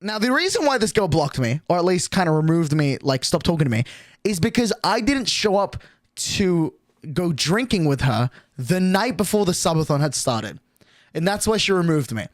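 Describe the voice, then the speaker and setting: A man's voice: fairly high pitch, big pitch swings, normal speed, dry recording, clean studio sound. A male streamer telling a story in a rambling, casual way, full of fillers and swearing.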